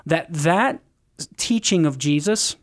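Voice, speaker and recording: A man's voice: on the high side, animated, takes it slowly. A man on a call-in radio show, explaining church teaching in an earnest, teacherly way. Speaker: Catholic apologist radio guest.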